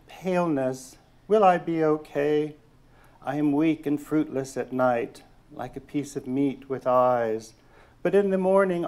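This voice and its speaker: A man, a poet, reading his poems aloud at a lecture event, pausing with hesitant asides between poems and reading the verse in a slow, measured way. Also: on the high side, darkish tone. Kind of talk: poetry reading. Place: lecture hall.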